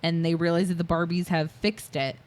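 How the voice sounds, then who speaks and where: A woman's voice: lowish voice, level tone, fairly quick. A woman co-hosting a casual podcast, walking through a movie scene by scene, acting out quoted lines with fillers and laughs. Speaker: podcast co-host. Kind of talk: casual movie recap chat.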